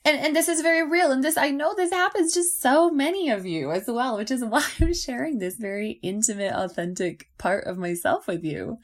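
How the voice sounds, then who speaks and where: A woman's voice: fairly high pitch, normal speed, few pauses. A woman hosting a podcast as a nutrition coach, talking casually and animatedly, acting out inner voices and laughing often.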